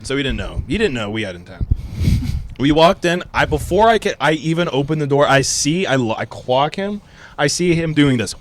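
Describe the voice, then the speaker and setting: A man's voice: on the high side, sing-song, moderate pace, slight background noise. A man co-hosting a podcast, telling a rambling, profane story in casual chat. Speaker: podcast co-host.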